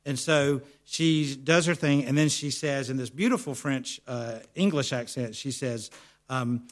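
A man's voice: mid-range voice, measured pace. An American man preaching, asking his congregation questions and answering them himself, then telling a travel story. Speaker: pastor. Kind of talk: sermon.

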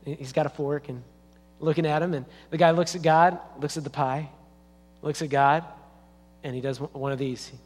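A man's voice: on the high side, fairly even intonation, normal speed, a little hiss or hum. A man preaching a sermon as a pastor in a church, in a conversational storytelling way. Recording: long reverb of a church hall.

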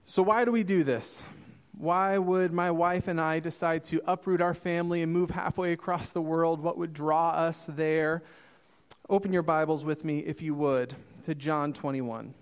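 A man in his thirties preaching a sermon, reading scripture and acting out the dialogue with lively storytelling. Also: fairly high pitch, moderate pace, smooth. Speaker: missionary preacher.

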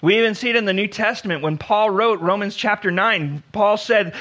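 A male pastor delivers a sermon with a high, bright, forceful voice. He speaks earnestly, drawing out key phrases and dropping to a hush before lifting again for emphasis. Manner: earnest preaching, slows for emphasis, acts out biblical dialogue.

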